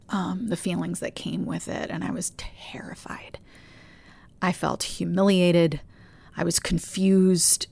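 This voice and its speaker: A woman with a New Jersey accent, speaking as a podcast host in an earnest, confessional personal reflection that often drops to a soft near-whisper. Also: on the low side, gravelly, dry recording.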